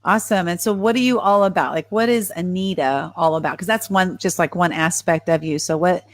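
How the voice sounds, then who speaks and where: A woman's voice: lowish voice, a little fast, no echo. Upbeat woman host, dry sound. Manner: upbeat, casual, encouraging. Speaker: show host. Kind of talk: interviewing guests. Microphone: video call.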